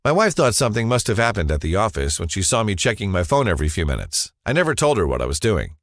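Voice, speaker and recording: A man with a low voice narrates a scripted first-person ad story in a dramatic, confessional way. His pitch moves expressively up and down, and the voice sounds close and dry with no room around it. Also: very animated, fast talker, a bit bright, no room sound.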